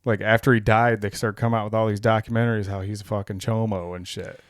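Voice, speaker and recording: Fast and fairly low-pitched with little pitch movement, this podcast co-host's voice comes through a dry, clean studio recording. Chatting casually, he reads documents out loud, laughing a lot and cursing when he gets riled up.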